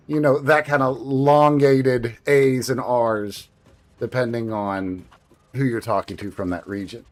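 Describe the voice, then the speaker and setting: A man's voice: medium pitch, fairly even intonation, a little slow. A man streaming a game, chatting casually in a rambling way, with lots of fillers and some swearing.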